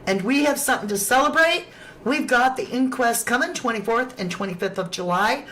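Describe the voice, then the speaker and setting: A woman's voice: on the high side, animated, fairly quick, a bit bright. Affectionate woman hosting a livestream. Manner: affectionate, calls viewers sweetheart and lovelies. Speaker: true crime livestream host. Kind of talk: casual livestream reading viewer chat aloud.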